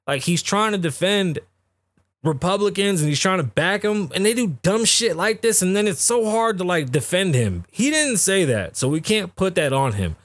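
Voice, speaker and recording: Male podcast host, slightly raised pitch, dry close sound; swears freely and rambles through opinions on the news. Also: big pitch swings, normal speed, fairly bright tone, no room sound. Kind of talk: casual news commentary.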